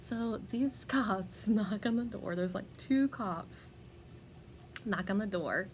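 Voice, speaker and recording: A woman's voice: medium pitch, slow pace, a little hiss or hum. A woman telling a casual personal story as a podcast host, chatty, laughing often, with lots of fillers and restarts.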